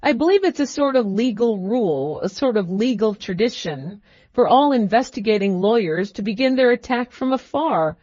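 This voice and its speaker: A woman's voice: on the high side, lively intonation, normal speed, darkish tone, no echo, dull audio. A woman voicing an irritable, proud young male student, with clipped, bitter speech. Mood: ironical.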